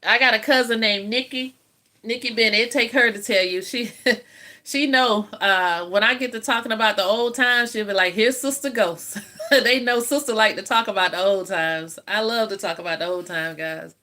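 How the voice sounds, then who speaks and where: Bright-voiced older Southern woman. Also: mid-range voice, moderate pace. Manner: chatty storytelling, laughs often. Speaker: host of a live eating stream. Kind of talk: casual chat with live viewers.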